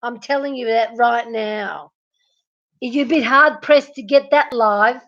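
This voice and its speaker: Brief: high-voiced woman, slow and giggly live stream host, muffled lo-fi audio. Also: a bit bright. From Melbourne, Australia. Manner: giggly, teasing, talks to chatters by name. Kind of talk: casual live stream chat, reading viewer comments.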